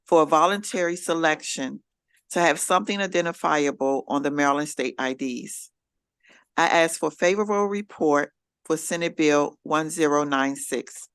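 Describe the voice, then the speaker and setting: A woman's voice: low-pitched, a bit bright, clear, resonant tone, no room sound. Woman witness, earnest testimony, dry close desk mic. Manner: earnest, recounting a family story. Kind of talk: prepared testimony. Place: hearing room. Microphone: desk microphone.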